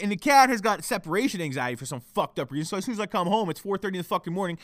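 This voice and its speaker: Profane, animated man ranting on a podcast. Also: sits high, racing, hardly any pauses, no echo. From Canada. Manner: profane, heated and confessional. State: cranky. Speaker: podcast host. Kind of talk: solo podcast rant. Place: home.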